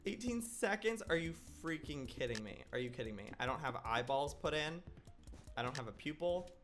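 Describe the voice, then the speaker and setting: A man's voice: fairly high pitch, normal speed. Young guy doing let's play commentary, super dramatic, voice jumps all over, bit of music underneath. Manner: excitable, dramatic, shrieks in mock outrage, silly exclamations. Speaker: gaming YouTuber.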